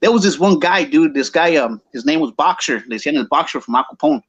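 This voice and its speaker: A man's voice: on the high side, expressive, quick pace, fairly bright tone, breathy edge, muffled recording. A man with a Chicano English accent telling a story casually, slangy and mixing English with Spanish.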